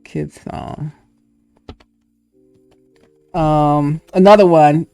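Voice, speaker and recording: A woman's voice: low-pitched, lively intonation, a little slow, vocal fry, long pauses, a little mellow, no echo, soft background music. A woman hosting her own video, chatting casually and thinking aloud, laughing often. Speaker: host. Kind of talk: casual chat.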